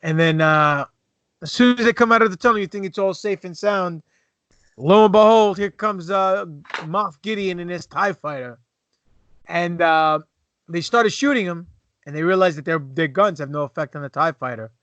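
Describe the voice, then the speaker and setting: A man co-hosting a podcast, retelling scenes in animated, profane casual chat. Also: high-pitched, moderate pace, no room sound, lo-fi sound. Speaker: podcast co-host.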